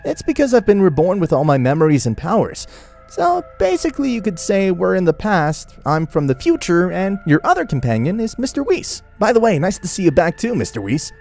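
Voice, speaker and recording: A man voicing an earnest, excitable young male warrior hero who has been reborn with his memories. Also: sits high, fairly quick, vocal fry, faint music behind, pitched above the performer's own voice, heavily acted.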